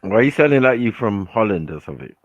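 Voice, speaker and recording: A man's voice: on the low side, sing-song, fast talker, no echo, dull audio. A man, a friend of the streamer, teasing and laughing in casual banter.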